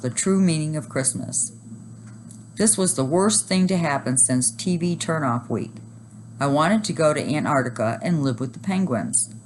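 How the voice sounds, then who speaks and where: Lively woman reading a story aloud. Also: sits low, a little hiss or hum. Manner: animated, expressive. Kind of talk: children's book read-aloud.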